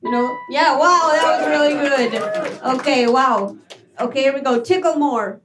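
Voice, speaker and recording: A woman's voice: high voice, music in the background. A woman hosting a live comedy game show, playful and laughing as she teases contestants. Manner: playful, laughing, drawn-out repetitions. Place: small live comedy venue. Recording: loud crowd noise in a live venue.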